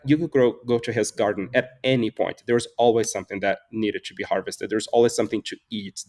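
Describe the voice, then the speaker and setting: A man's voice: fairly low pitch, a little mellow. A man in his forties, a flower farmer and floral designer, telling personal stories in a casual interview with an earnest, reflective manner, acting out dialogue and laughing often. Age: 40s.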